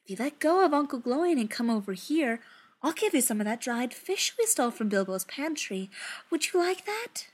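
A woman's voice: a little high, big pitch swings, slow pace, hardly any pauses, breathy edge, exaggerated voice. A woman reading the part of a playful young male dwarf who coaxes a kitten in a sing-song voice. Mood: coaxing.

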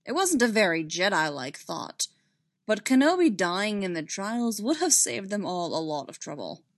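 A woman narrating a work of fiction in an even, measured reading voice. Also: medium pitch.

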